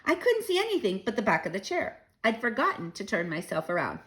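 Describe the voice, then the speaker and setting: A woman reading a children's book aloud, gentle and chatty with young listeners. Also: mid-range voice, huge pitch swings, a little fast. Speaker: children's story reader.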